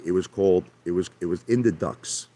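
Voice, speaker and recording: Here a man sits in his hot tub running a livestream, his voice low, mellow and a little fast. He rambles at viewers with brash energy, going over the same points and naming individuals.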